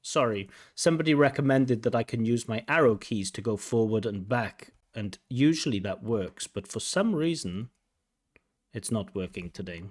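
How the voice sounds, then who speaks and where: A man teaching as an examiner, breaking down a recorded speaking test with analytical commentary and lively intonation. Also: mid-range voice, moderate pace.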